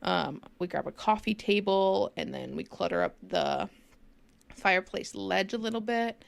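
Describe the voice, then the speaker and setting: A woman's voice: medium pitch, normal speed, vocal fry. A young woman commenting casually over a game build, chatty and rambling with many fillers, sounding sleepy. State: sleepy, yawning. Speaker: gaming channel host.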